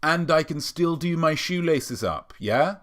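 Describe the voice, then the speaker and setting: A man's voice: fairly high pitch, animated, measured pace, a bit bright. A British man hosting a weekly live show alone, delivering a sarcastic, mock-smug comedic monologue. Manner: sarcastic, mock-smug, playfully self-aggrandizing.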